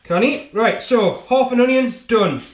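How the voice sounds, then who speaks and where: Demonstrating chopping in his echoey kitchen, where faint noise is audible, a cooking show host talks in an extremely high voice without hurrying. He's chatty and jokey, addressing the viewer directly and repeatedly asking "right?"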